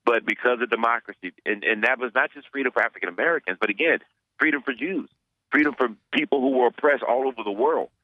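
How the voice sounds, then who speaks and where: A man's voice: mid-range voice, quick pace, dry recording, narrow, tinny audio. A man, a pastor, answering interview questions earnestly, often repeating words as he searches for them.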